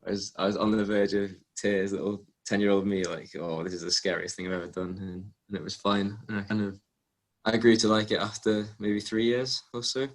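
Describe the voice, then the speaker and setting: A young man from England speaks as a guest in a casual interview. His voice sits somewhat low and stays fairly flat in pitch. He tells stories in a relaxed way, with plenty of ums and small restarts. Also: fairly quick. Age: young adult. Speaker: guest athlete.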